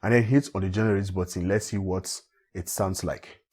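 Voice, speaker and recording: Male tutorial host, husky tone, patient step-by-step explainer. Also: sits low, normal speed. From Africa. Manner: steady step-by-step walkthrough, repeats phrases. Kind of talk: screen-recorded software tutorial.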